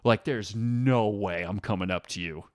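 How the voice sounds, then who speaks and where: A man hosting a reaction video, excitable and rambling as he comments. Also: on the low side, normal speed, dry recording, studio quality. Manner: excitable, rambling, self-interrupting. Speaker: reaction host.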